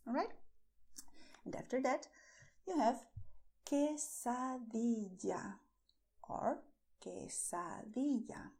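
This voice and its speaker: A woman teaching beginners to pronounce words, repeating each one slowly and carefully. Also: on the high side, warm tone, slightly rough. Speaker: Spanish teacher. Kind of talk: slow pronunciation lesson for beginners.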